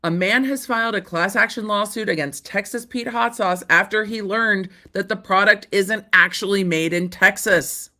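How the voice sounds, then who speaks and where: A woman hosting a casual legal commentary show, talking in an animated, incredulous way and repeating herself as she reacts. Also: medium pitch, moderate pace, hardly any pauses. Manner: swears casually. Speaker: host.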